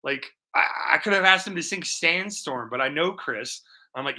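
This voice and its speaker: Guy chatting on his art stream, super bright voice, kinda high, cussing and rambling. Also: expressive, normal speed. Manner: rambling, profane, jokey. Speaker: livestream art host. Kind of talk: casual chat while painting. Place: home studio.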